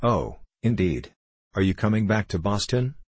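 A man reading the lines of an anxious, reproachful wife in his own low voice. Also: very animated, moderate pace, darkish tone, slightly rough, no room sound, exaggerated voice. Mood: polite. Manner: pleading, tearful.

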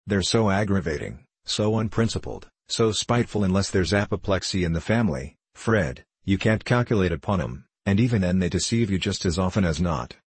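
A man's voice: low voice, animated, brisk, hardly any pauses, breathy edge, dry recording. A man voicing a flippant, jaunty young idler who talks in a breezy, joking way. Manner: breezy, joking, lightly mocking.

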